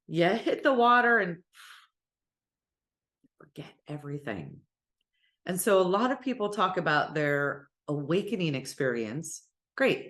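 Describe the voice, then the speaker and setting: A woman teaching casually about spirituality, speaking in an animated, encouraging way and sometimes cheering in playful voices. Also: low-pitched. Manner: warm encouraging address.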